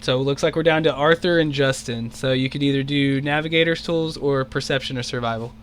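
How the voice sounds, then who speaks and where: A man's voice: medium pitch, steady tone, slight background noise. A man running an online tabletop game as dungeon master, narrating in a rambling way with lots of fillers. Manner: rambling, filler-heavy, quick to shout out character lines. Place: home, on an online voice call.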